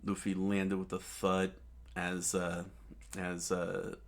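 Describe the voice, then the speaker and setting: A man casually reading a comic aloud, halting often and restarting his sentences with amused asides. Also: low voice, monotone, gravelly. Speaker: comic reader.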